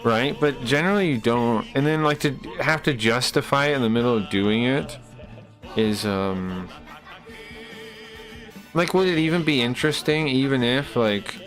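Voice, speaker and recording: A man's voice: medium pitch, a bit bright. Rambling, profane male streamer. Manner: rambling, profane, self-interrupting rants. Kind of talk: casual live-stream chat.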